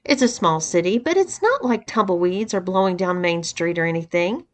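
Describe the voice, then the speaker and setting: A woman reading a first-person story aloud, keeping the dialogue tags calm and even. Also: fairly low pitch, moderate pace. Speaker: reader of erotic fiction.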